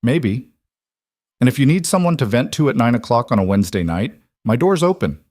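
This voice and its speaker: A man voicing a calm, wealthy single father in a storybook reading, speaking in a low-key, reassuring way. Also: brisk, no room sound, clean studio sound.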